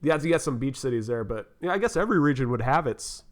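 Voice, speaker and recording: A man's voice: medium pitch, expressive, quick pace. A man co-hosting a podcast in casual chat, musing in a laid-back way and slipping into playful little impressions. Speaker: podcast co-host.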